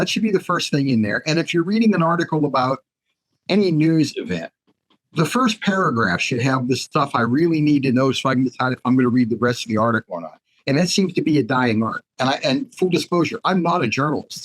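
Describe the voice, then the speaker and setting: A man's voice: mid-range voice, low-quality recording. A man guesting on a casual podcast, airing his peeves in a rambling, mildly exasperated way. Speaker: guest author. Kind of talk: casual chat.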